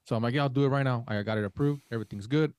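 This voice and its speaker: A man's voice: medium pitch, very fast, a little mellow, clear, resonant tone, dry recording. A man co-hosting a podcast, telling a long story in casual chat and acting out the dialogue in it. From Mexican family. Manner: rambling storyteller, acts out quoted dialogue. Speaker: podcast co-host.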